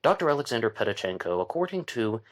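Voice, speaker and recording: Lower-voiced man hosting a true-crime talk. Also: very animated, quick pace. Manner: conversational, thinking aloud with fillers and restarts. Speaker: podcast host.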